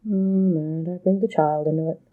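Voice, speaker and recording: A young adult woman hosting a casual reaction commentary, animated and emotional, swearing and laughing while doing her makeup. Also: deep voice, moderate pace, phone-quality sound, faint music behind. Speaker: host.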